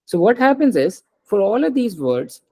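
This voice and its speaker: Husky-voiced man teaching a language lesson. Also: high voice, sing-song, moderate pace, darkish tone, low-quality recording. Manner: patient, explains step by step and prompts the student to read aloud. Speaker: French teacher.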